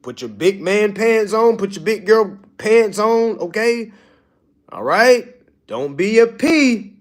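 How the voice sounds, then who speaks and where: Lively, high-pitched, preachy man. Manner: blunt, preachy, keeps asking "All right?"; animated, mocking and laughing at his audience. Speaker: business coach addressing clients.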